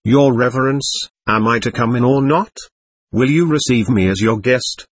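A man's voice: mid-range voice, moderate pace, slightly rough, dry recording, close to an everyday voice. Man reading as an impudent, taunting old buffoon. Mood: mocking. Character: scheming, shameless, mocking old man.

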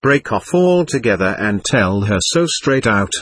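A man reading an irritable, contemptuous young man in a storybook, with a husky, lively voice. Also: fairly low pitch, a little slow, dry recording, full character voice. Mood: bitter.

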